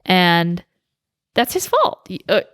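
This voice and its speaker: A woman co-hosting a podcast in casual chat, with a fairly low voice. She tells a story and acts out both sides of it. The sound is dry and close. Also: huge pitch swings, takes it slowly, fairly bright tone, dry recording. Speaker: podcast co-host.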